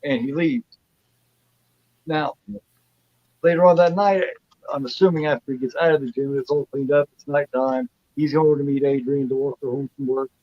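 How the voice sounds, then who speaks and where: A man's voice: medium pitch, fairly even intonation, normal speed, a little mellow, no echo. A man co-hosting a casual film review livestream, retelling scenes in a rambling way with many fillers and restarts. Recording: dull lo-fi dry sound.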